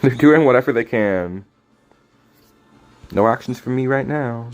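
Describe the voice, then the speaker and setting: A man's voice: medium pitch, unhurried, dull audio, faint music behind. Man joking with chat while playing a card game. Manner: casual, teasing banter with chat; sudden loud reactions. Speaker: streamer. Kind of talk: live game stream commentary.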